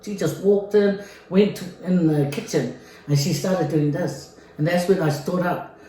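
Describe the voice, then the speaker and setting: A woman's voice: lowish voice, measured pace, dark tone, distant mic. Chatty woman in an echoey room. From Samoa. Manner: chatty, repeats herself, many fillers. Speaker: vlogger. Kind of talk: casual storytelling during a mukbang.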